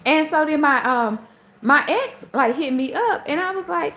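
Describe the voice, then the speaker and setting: A woman with a Southern Charleston accent telling a personal story to viewers in casual chat, acting out the quoted lines. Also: normal speed. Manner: animated, acts out quoted dialogue in a high voice. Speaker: live stream host.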